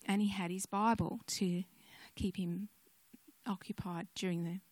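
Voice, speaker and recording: Older woman preacher, gentle storyteller, dry close sound. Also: mid-range voice, fairly even intonation, a little slow, dry recording. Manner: gentle storytelling, conversational asides. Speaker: speaker sharing a devotional message. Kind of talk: personal testimony sermon.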